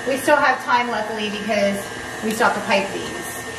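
A woman's voice: medium pitch, normal speed, vocal fry. A woman hosting a casual cooking demonstration, chatty and playful, talking straight to the viewer. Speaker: cooking show host. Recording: echoey room, mic at a distance, steady background hum.

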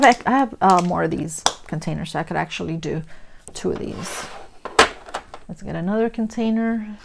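A woman's voice: on the low side, vocal fry, background noise. A middle-aged woman chatting casually while she crafts, telling stories and acting out the dialogue with big reactions. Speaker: craft vlogger.

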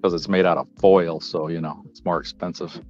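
A man chatting casually on a livestream from his phone while browsing a small comic book store, talking in a relaxed, rambling way. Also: deep voice, brisk, muffled recording, faint music behind. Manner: laid-back, rambling. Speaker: livestream panel guest. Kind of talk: casual chat.

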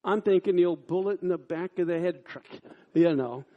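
A man preaching a sermon, reading scripture and telling a personal story in an animated way, acting out the people in it. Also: high voice, moderate pace. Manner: animated storyteller, acts out quoted lines loudly. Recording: dull lo-fi sound.

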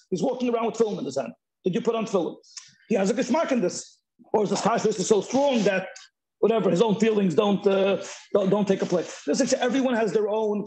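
Middle-aged man, high mellow voice, video call, halting casual talk. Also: rough recording. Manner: halting, restarts often, mixes in Yiddish and Hebrew terms. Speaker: Zoom discussion participant. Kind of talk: casual chat.

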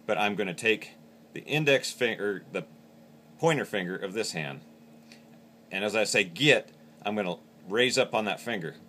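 A man's voice: fairly low pitch, lively intonation, moderate pace, a bit bright, slight background noise. A man teaching how to use a game call, explaining each step plainly. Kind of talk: hands-on instructional demo.

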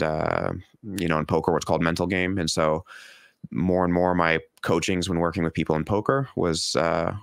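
A congested man, a guest on a podcast, telling his story in a measured, reflective way. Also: deep voice, a bit bright, clean tone, no echo, clean studio sound. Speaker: guest, performance coach. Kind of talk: casual interview chat.

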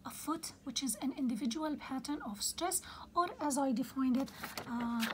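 A woman with a high voice lectures on poetry in a breathy, half-whispered voice. She explains slowly and patiently, repeating key terms, filling pauses with "okay" and correcting herself as she goes. A faint hiss sits under the recording. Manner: corrects herself mid-sentence. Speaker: teacher.

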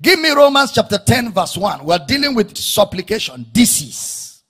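A man preaching a sermon, breaking into shouts and sing-song rises and drawing out key words. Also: sits high, very animated, moderate pace, slightly rough. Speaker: pastor.

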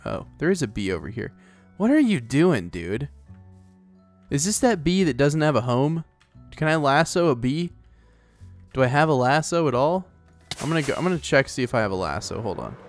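A man's voice: mid-range voice, big pitch swings, normal speed, faint music behind. A man hosting a let's play, chatting casually and rambling as he plays, often talking to the animals in the game. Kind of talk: casual gameplay commentary.

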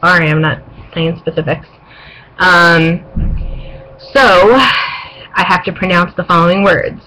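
A woman's voice: on the low side, steady tone, slow pace, pauses often, bright, forceful tone, rough recording. A young woman from the eastern United States, tired late at night, chatting casually in a vlog and reading a word list, with lots of ums. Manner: chatty with frequent um fillers. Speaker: vlogger.

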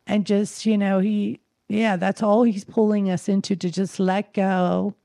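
A woman speaks devotionally at a spiritual gathering, her voice sitting at an ordinary middle pitch. She gropes earnestly for words, restarting often and filling pauses, in a gentle, heartfelt way. The sound is dry and close. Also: little pitch movement, gravelly, no room sound. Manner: earnest, searching, many fillers and restarts.

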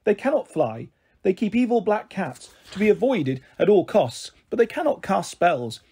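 A man's voice: sits high, big pitch swings, moderate pace, darkish tone, husky, pitched above the performer's own voice, heavily acted. A man reading aloud, voicing a tiny, stern and suspicious girl fairy in a children's storybook. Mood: stern scornful. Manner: stern, scornful.

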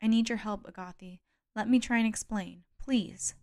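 An actress pleads earnestly to explain herself, voiced by a female audiobook reader. The voice stays smooth and clear, of middle pitch for a woman. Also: moderate pace, darkish tone, lightly acted. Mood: pleading. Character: actress pleading with a hurt friend.

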